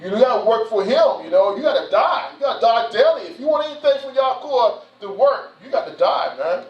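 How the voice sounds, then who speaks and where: An extremely high-pitched man talks briskly with lively intonation. He speaks as a church elder giving an informal, folksy address in a church hall, repeating himself and often saying "you know" and "man," in a roomy, distant, dull-sounding recording.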